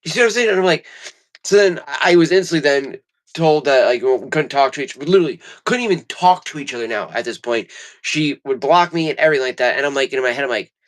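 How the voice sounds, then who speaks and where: A man's voice: on the high side, expressive, fast talker. A man hosting a livestream, ranting in a heated, profane and rambling way. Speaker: livestream host. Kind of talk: casual livestream rant. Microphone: studio mic.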